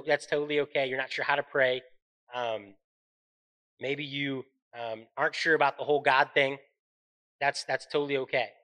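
A man's voice: on the high side, bright, forceful tone, rough recording. A man in his thirties hosting a faith-based motivational podcast, speaking in an earnest, encouraging way and often checking in with "right?". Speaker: podcast host.

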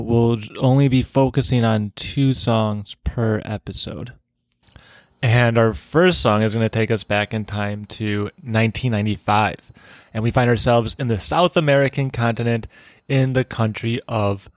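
A man hosting a music podcast, introducing panelists and songs in a smooth, prepared way. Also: mid-range voice, no echo, clean studio sound. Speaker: podcast host.

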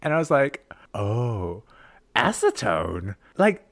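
A man's voice: mid-range voice, sing-song, slow pace. A man with a non-native English accent co-hosting a podcast, telling crude, rambling comic stories in casual chat. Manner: rambling, crude storytelling with frequent laughs. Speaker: podcast co-host.

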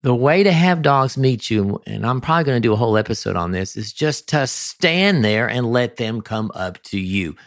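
A man's voice: mid-range voice, expressive, moderate pace, few pauses, no echo. A man hosting a podcast, giving dog-training advice in an emphatic, sometimes ranting monologue into a close mic.

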